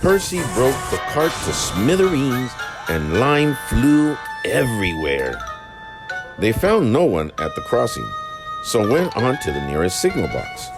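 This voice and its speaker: A man narrating a children's storybook tale in an unhurried, expressive way. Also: medium pitch. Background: background music.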